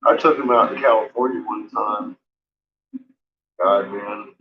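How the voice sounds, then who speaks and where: A man's voice: on the low side, fairly even intonation, measured pace, slight background noise. A man telling rambling, profanity-laced stories in casual chat, laughing often between remarks. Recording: dull lo-fi stream audio.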